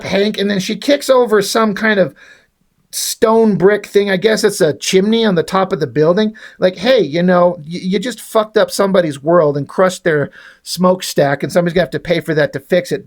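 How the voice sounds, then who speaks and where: A man casually reviewing a comic book and sketching on it as he talks, sarcastic, rambling and profane. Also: high voice. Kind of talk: casual video review, drawing while talking.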